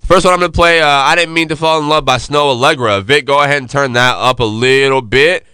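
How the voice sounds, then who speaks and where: A man's voice: mid-range voice, fairly even intonation, fast talker, bright, forceful tone, clear, resonant tone, no echo. A man hosting a casual podcast, talking loosely with lots of slang and fillers. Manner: laid-back, loose slangy delivery with many fillers. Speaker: podcast host.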